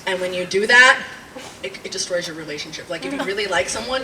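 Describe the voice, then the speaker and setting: A woman comedian in her twenties or thirties talks through a loose, rambling stand-up set, swearing freely and laughing along at her own lines. Her voice sits at an ordinary middle pitch and comes from a little way off the mic, with clear background noise in a small live venue. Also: quick pace. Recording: distant mic with audible room noise.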